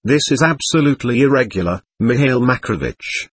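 A man's voice: medium pitch, expressive, a little fast, slightly rough. A man voicing an agitated prosecutor, indignant and almost gasping. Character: agitated male prosecutor, stickler for procedure.

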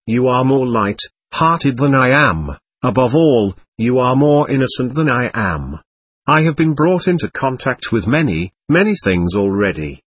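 Guy doing a shy earnest young fella, soft and hesitant, husky, lively pitch, audiobook. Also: measured pace, no room sound, exaggerated voice. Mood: sincere.

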